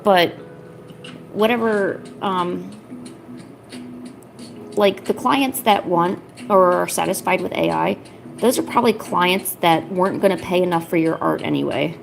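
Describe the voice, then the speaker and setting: Woman with vocal fry, chatting casually. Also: lowish voice, measured pace, long pauses. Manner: rambling, filler-heavy, coaxing her cat. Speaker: streamer drawing live. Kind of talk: casual chat. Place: at home. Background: lo-fi music.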